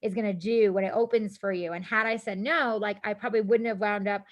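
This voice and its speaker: A woman guest on a podcast, telling a story in casual chat, animated, laughing often and acting out what people said. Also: medium pitch, quick pace, highs cut off. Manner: animated, laughing, acts out quotes, casual swearing.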